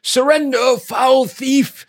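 Casting: man doing a pompous axe-wielding hero, loud and high. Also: fairly even intonation, takes it slowly, exaggerated voice. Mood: heroic. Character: bold adult male warrior hero, theatrical.

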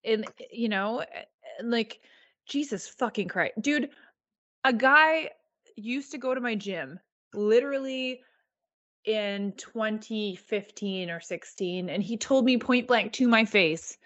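A woman's voice: on the high side, slow pace, a bit bright, dry recording, dull audio. A woman co-hosting a casual podcast chat, ranting heatedly and swearing. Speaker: podcast co-host.

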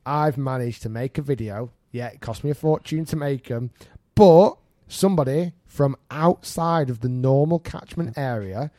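Podcast host, thirties, animated and self-mocking storyteller, mellow tone, dry studio sound. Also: male voice, medium pitch, moderate pace, hardly any pauses, dry recording. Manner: animated, self-mocking, laughs through stories. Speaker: podcast host and golf coach. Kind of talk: casual storytelling chat.

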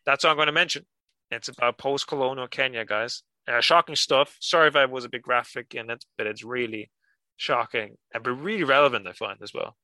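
A man's voice: mid-range voice, brisk, pushed and bright, no echo, rough recording. A man co-hosting a book podcast, rambling hesitantly with lots of "like" as he talks about a novel. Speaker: podcast co-host. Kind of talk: casual chat.

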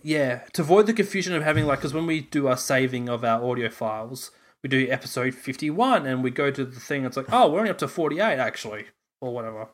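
A man's voice: mid-range voice, fast. A young Australian man co-hosting a podcast, chatting casually, rambling and laughing often. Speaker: podcast co-host. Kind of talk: casual chat.

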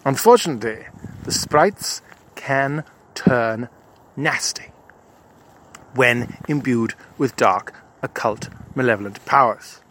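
A man's voice: mid-range voice, takes it slowly, a bit bright. A man telling a comic adventure story in the first person, in a pompous, self-satisfied manner.

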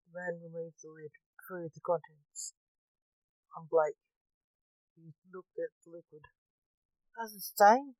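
A woman narrating a story in an even reading voice. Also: low-pitched, measured pace, long pauses, no room sound, rough recording.

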